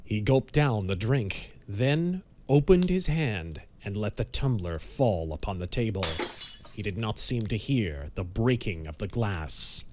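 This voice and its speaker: A man giving measured, dramatic narration of a pulp audiobook. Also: fairly low pitch, animated, darkish tone, a little hiss or hum.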